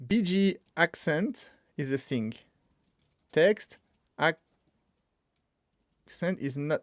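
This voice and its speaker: Speaking extremely slowly with frequent pauses, a man with a fairly high voice and lively intonation streams himself coding. He thinks aloud and mutters to himself casually as he works, in a dry, clean studio recording.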